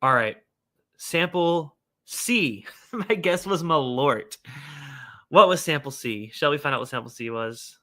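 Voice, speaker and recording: Male livestream host, casual and animated, bright forward tone, quick to exclaim and scold himself. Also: on the high side.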